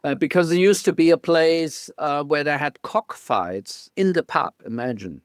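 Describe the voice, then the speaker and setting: A man with a German accent, a guest photographer telling stories in a casual interview, halting and restarting often with small laughs. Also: a little high, animated, clear, resonant tone, dry recording, studio quality.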